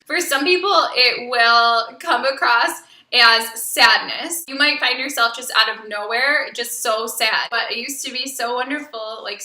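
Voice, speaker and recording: High, bright-voiced chatty woman. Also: echoey room, low-quality recording. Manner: chatty, full of "like", acts out quoted voices. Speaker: psychic giving spiritual advice. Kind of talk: casual talk to camera.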